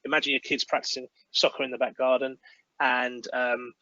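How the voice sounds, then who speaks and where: Bright-voiced man, earnest. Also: medium pitch, flat delivery, brisk, no room sound, lo-fi sound. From United Kingdom. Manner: earnest, acts out parent-child dialogues. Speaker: guest speaker on parenting. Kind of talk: webinar talk. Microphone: video call.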